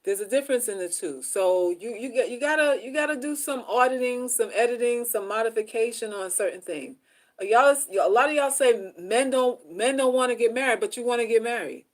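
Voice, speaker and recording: Talking fairly quickly, a woman runs a laid-back live stream about relationship advice. She repeats points, speaks straight to viewers, and swings from hushed side comments to loud, shrill exclamations.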